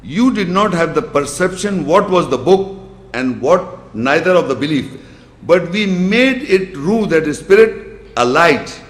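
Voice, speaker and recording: A man's voice: fairly high pitch, expressive. Man lecturing in an echoey hall. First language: Urdu. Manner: questions the audience directly, quotes Arabic verses quickly. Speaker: Islamic lecturer. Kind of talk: religious lecture.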